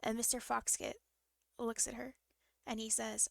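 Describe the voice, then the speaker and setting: A woman's voice: a little high, level tone, a little slow, creaky, pauses often, dry recording, studio quality. A young woman streamer telling a story in a casual, rambling way, full of fillers and restarts and vivid, emotional retelling.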